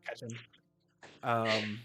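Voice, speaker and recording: A man's voice: on the low side, level tone, very slow. Laid-back man playing a tabletop game. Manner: laid-back, hesitant, full of filler. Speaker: player. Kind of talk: tabletop role-play chat.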